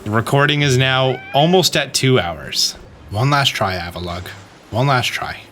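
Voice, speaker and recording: A man's voice: medium pitch, unhurried, sharp tone, slight background noise. A man hosting a game guide, explaining steps and growing exasperated as he talks to the creature on screen. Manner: instructive, repeats "okay?". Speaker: gaming guide host. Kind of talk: game commentary walkthrough.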